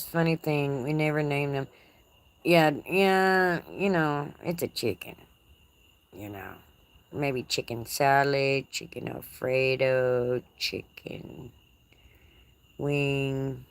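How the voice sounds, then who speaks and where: A woman with a Texas accent hosting a casual live chat from her porch, reading viewer comments in a folksy, teasing way and laughing often. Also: sits low. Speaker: livestream host. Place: outdoor porch. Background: crickets.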